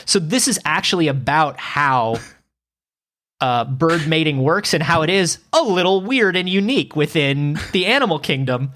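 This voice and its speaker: Male podcast co-host, lively pitch, sarcastic, casual swearing. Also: moderate pace. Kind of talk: casual comedic chat.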